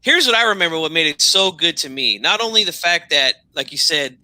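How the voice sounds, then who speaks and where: A man hosting a casual wrestling talk show, telling stories in an animated way and often tacking on "man". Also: fairly high pitch, a little fast, no room sound, poor audio. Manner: animated storyteller, says "man" a lot. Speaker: wrestling podcast host. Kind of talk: casual chat.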